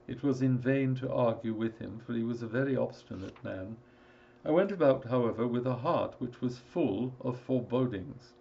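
A man narrating a classic story in a steady, measured storytelling voice. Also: mid-range voice, creaky, muffled recording. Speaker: audiobook narrator. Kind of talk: scripted narration.

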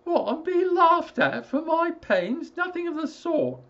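A man reading a story aloud, voicing a frightened, obstinate older gentleman who stammers and blusters. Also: very animated, a little slow, creaky, muffled recording, heavily acted. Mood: blustering. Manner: shrill, stammering outbursts.

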